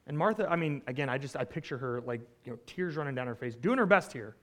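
A man preaching a conversational sermon, retelling a scripture story with animated asides and frequent "right?" check-ins. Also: on the high side, quick pace, hardly any pauses. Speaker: pastor.

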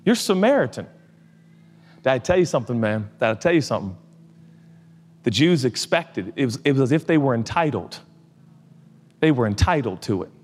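A male pastor preaching, swinging between loud emphatic passages and quiet, intimate asides. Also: medium pitch, animated, a little fast, pauses often. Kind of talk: sermon. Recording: hall reverb.

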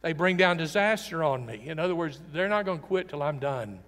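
A man preaching a sermon, earnest and emphatic, swinging between loud declarations and quiet, intimate passages. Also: on the high side, expressive, fairly quick. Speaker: pastor. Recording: long reverb of a large hall.

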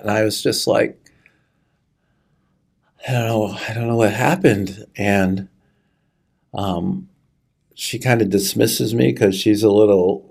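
A middle-aged man telling a personal story in an earnest, halting way, choking up as he goes. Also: on the low side, creaky, mellow. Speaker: guest sharing a personal story. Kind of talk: conversational testimony.

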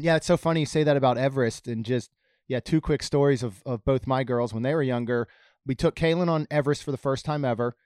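A man's voice: medium pitch, a little mellow. A middle-aged man hosts a podcast in easy conversation, spinning anecdotes with frequent fillers. His voice sits mid-range. The sound is dry and close, with no room echo. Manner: chatty storyteller, lots of fillers. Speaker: podcast host. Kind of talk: casual chat.

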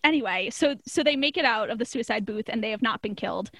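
A woman's voice: fairly high pitch, animated, quick pace, fairly bright tone, no room sound. A woman casually recapping a cartoon episode, chatty and often laughing mid-sentence. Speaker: podcast co-host.

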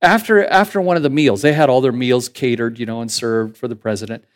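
A man preaching a sermon as pastor in a conversational, animated way, building to emphatic points. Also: mid-range voice, a little fast.

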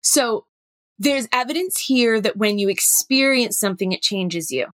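A middle-aged woman, a workshop facilitator telling a story with animated, acted-out dialogue. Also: fairly high pitch, moderate pace, no room sound. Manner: animated, acts out dialogue in her stories. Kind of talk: storytelling talk.

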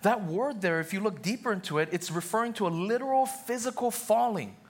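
A man's voice: high voice, fairly quick. A young adult man, a pastor, preaching a sermon in a casual, conversational way, often checking in with the congregation. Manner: conversational preaching with frequent "right?" and "okay?" asides.

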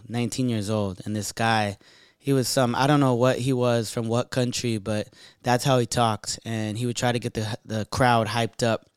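A man's voice: fairly low pitch, smooth, no room sound, clean studio sound. A young adult man hosting a podcast, talking in an upbeat, hyped way and swearing freely. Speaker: podcast host. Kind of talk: casual podcast intro.

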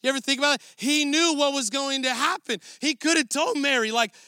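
A man's voice: very high-pitched, a little fast, bright, forceful tone, no echo, clean studio sound. A man preaching a sermon in a conversational, earnest way, often restarting his phrases. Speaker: pastor.

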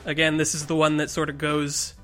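Male podcast host, bright tone, reads absurd creepypasta deadpan then cracks up. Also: fairly high pitch, brisk, faint music behind. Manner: reads rambling text aloud, breaking into laughter. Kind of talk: casual podcast chat and comic reading.

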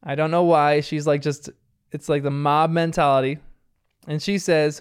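A man talks through a cartoon episode in a loose, chatty recap, rambling and leaning on filler words. His voice is smooth and a little higher than most men's. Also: steady tone, normal speed. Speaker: show recapper. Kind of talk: casual episode recap commentary.

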